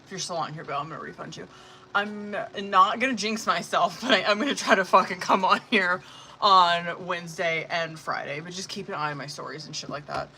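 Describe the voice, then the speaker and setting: High, very bright-voiced man livestreaming. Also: fairly quick, slight background noise. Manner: profane, chatty, laughs often. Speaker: tarot reader streaming live. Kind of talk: casual livestream chat. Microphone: phone.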